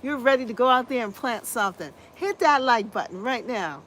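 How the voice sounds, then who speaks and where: Woman, livestream gardening host; scratchy, a touch high-pitched, upbeat and effusive, casual chat. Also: lively intonation, brisk, fairly bright tone. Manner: effusive and upbeat, repeats phrases, exclaims hallelujah. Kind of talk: casual livestream chat reading viewer comments.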